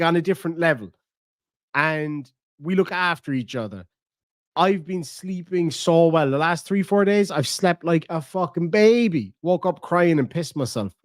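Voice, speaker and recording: A fairly high-pitched Irish man hosts a live stream, reacting to clips and mocking a rival with profane, jokey banter. It's casual stream commentary, recorded at studio quality with no echo.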